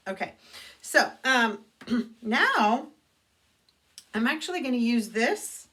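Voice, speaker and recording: A woman's voice: mid-range voice, fairly bright tone. A middle-aged woman talking casually through a makeup tutorial from her bathroom, correcting herself as she demonstrates. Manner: chatty, self-correcting, demonstrating as she goes. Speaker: makeup consultant. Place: home bathroom. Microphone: camera mic.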